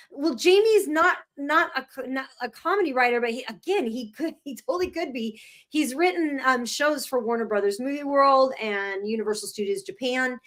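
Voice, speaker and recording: A woman's voice: high-pitched, normal speed, fairly bright tone. A woman hosting a live show, chatting in a bubbly, rambling way with frequent laughs. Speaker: host. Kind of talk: casual live-show chat.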